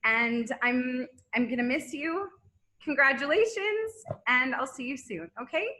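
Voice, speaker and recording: A woman teacher gives a heartfelt farewell to her class over a video call. Her voice is bright and a little high, and she chokes up and laughs through tears as she talks. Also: lively intonation, unhurried. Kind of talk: emotional farewell speech.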